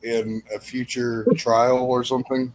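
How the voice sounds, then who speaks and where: A man trading deadpan, offbeat jokes in a casual comedic chat as a podcast co-host. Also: mid-range voice, unhurried, rough recording.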